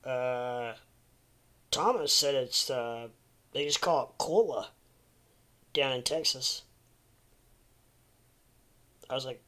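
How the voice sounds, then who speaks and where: A man's voice: mid-range voice, slow pace, long pauses, bright, forceful tone. A man hosting a casual live stream, rambling and muttering to himself between remarks to his viewers. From American Midwest.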